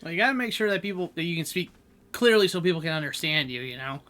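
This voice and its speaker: A man's voice: a little high, lively intonation, fast, pushed and bright. A man streaming a game, bantering casually with laughs and swearing. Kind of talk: casual let's play chat.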